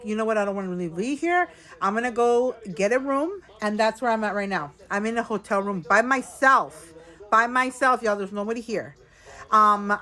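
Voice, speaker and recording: A woman's voice: on the high side, a bit bright. A tipsy woman venting to her viewers from a hotel room in a casual storytime vlog, chatty and calling them girl and y'all. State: a little tipsy. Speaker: vlogger.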